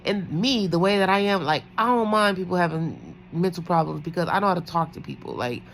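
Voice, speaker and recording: A woman talks through a casual storytime vlog about her nursing shift, chatty and rambling, full of fillers. Her voice sits low, with a gravelly creak. A faint hiss runs under the recording. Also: a little fast, low-quality recording. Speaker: night-shift nurse.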